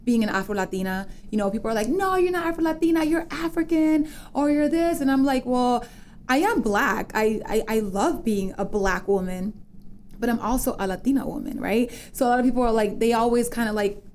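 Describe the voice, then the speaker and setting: Animated chatty woman, slightly high voice. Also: fairly quick, slight background noise. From United States, Dominican parents. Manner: animated storyteller, acts out quoted voices, laughs often. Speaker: podcast guest. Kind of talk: casual interview chat.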